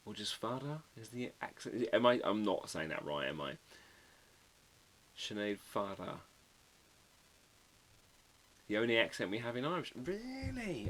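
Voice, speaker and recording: Chatty stream host, lowish and lively voice, muttered asides, faint tape-like hiss behind. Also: male voice. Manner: chatty, reads out viewer comments while drawing, quietly muttering asides. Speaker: livestream host drawing a card. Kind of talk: casual live-stream chat.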